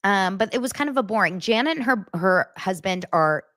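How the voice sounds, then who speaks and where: Lively, chatty woman host. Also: medium pitch, brisk. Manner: chatty, animated, talks straight to her audience. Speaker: podcast host. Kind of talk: casual gossip chat.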